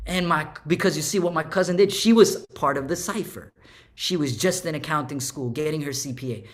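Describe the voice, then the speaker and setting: A man, a guest artist and educator, telling stories in a lively conversation, acting out quotes with big swings in his voice and slangy speech. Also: fairly high pitch, fairly quick. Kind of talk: animated storytelling conversation.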